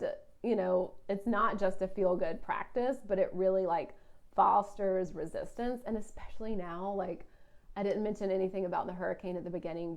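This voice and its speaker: A woman's voice: medium pitch, dark tone. A woman, a business coach talking through a casual solo podcast monologue. She is chatty and fills her talk with "like". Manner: chatty, heavy use of "like", puts on a whiny voice for complaints.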